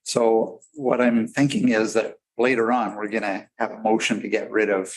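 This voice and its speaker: A man councillor in a council chamber, speaking in a hesitant, measured way with frequent restarts. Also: fairly low pitch, level tone, low-quality recording. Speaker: city councillor. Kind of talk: council debate.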